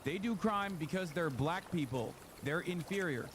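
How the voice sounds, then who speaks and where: A man's voice: fairly high pitch, moderate pace, noisy background. A man streaming, reacting to a clip with casual, profane political commentary. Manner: animated, profane, mocking quoted voices.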